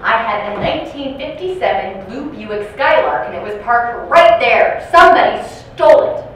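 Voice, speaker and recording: A woman's voice: fairly high pitch, lively intonation, normal speed, close to an everyday voice. A woman doing an indignant older lady, raised voice, distant noisy room. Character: older woman resident, insistent about her stolen car. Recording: echoey room from far off, noisy.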